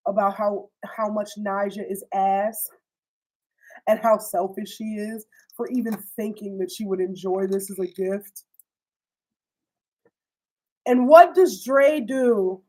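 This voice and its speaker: A young woman casually recapping a TV series, animated and slangy, swearing freely and acting out the characters' lines. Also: medium pitch, low-quality recording. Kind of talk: casual storytime chat.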